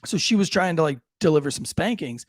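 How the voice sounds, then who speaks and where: A man hosting a casual podcast chat, telling family stories and acting out quotes with lively jumps in his voice. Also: a little fast, no echo. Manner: animated, acts out quotes with big pitch jumps. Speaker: podcast host.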